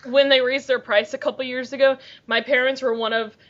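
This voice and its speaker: A woman's voice: high voice, level tone, a little fast, a bit bright, highs cut off. A young American woman co-hosting a podcast in casual chat. She laughs often and swears freely. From United States. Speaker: podcast co-host.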